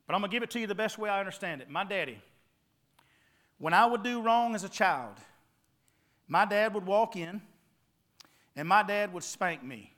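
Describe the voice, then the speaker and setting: A middle-aged North Carolina preacher with a Southern accent delivers a sermon as folksy storytelling, often checking in with the congregation through call-and-response asides. His high voice is bright and forceful, with lively intonation, a moderate pace, and long pauses.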